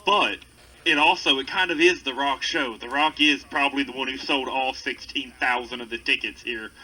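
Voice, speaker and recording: A man's voice: medium pitch, moderate pace, sharp tone, rough recording. A man co-hosting a casual gaming commentary, laid-back and hesitant. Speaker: co-host.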